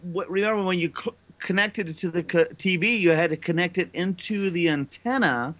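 A man co-hosting a casual gaming podcast, telling childhood stories and acting out the quotes loudly. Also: sits high, brisk. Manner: storytelling, acts out quotes loudly. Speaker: podcast co-host. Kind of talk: casual group chat.

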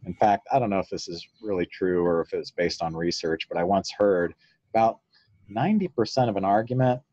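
A man's voice: low voice, fairly quick, dry recording, muffled recording. A man, a psychologist guest in an interview, explaining ideas through stories and often chuckling. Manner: relaxed storyteller, acts out quotes, chuckles often.

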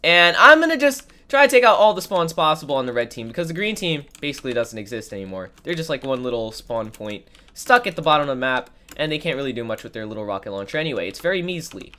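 A woman with a low, nasal voice, stuffed up from being sick, talks her way through a game. Her commentary is sarcastic and full of mock complaints. Her pitch swings widely as she exclaims. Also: big pitch swings, fast talker, hardly any pauses, bright, forceful tone. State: sick, congested. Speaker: gaming video creator. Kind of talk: gameplay commentary.

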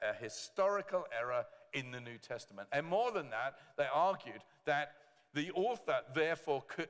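A man preaching a sermon as pastor, lively, with joking asides to the congregation. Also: on the high side, in a large hall. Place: church hall.

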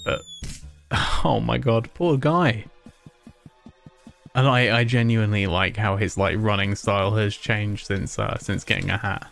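A man's voice: fairly low pitch, measured pace, gravelly, a bit bright, faint music behind. A man streaming a video game, chatting casually in a rambling, self-mocking way with frequent chuckles. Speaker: gaming streamer. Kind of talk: casual let's-play commentary.

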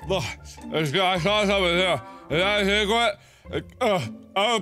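A man doing let's play commentary, loud and exclaiming, teary and pained from wasabi burn. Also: sits high, a little slow, music in the background. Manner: loud, exclaiming, yelping in pain. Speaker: gaming video host.

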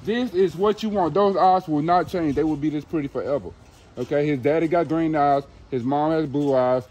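A man's voice: fairly high pitch, normal speed, darkish tone, rough recording. A young man filming with his phone outdoors, selling puppies in a hyped, slangy way and repeating himself a lot. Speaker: dog breeder. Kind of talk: casual sales video.

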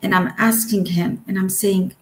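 A woman's voice: mid-range voice, steady tone. A woman telling of her near-death experience as a guest, in an earnest way and acting out the words spoken to her. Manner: earnest, slow storytelling that acts out remembered dialogue. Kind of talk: personal testimony. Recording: echoey room.

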